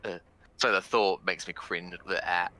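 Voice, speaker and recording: A man's voice: low voice, fairly even intonation, measured pace, bright, forceful tone. A man playing a tabletop game, talking in a rambling, hesitant way and laughing often. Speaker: player. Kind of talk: casual tabletop game chat.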